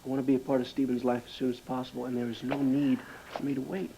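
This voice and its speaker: A man's voice: mid-range voice, little pitch movement, fast, creaky, noisy background, natural voice. An actor playing a playful, eager young man in love in a soap opera. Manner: playful, teasing.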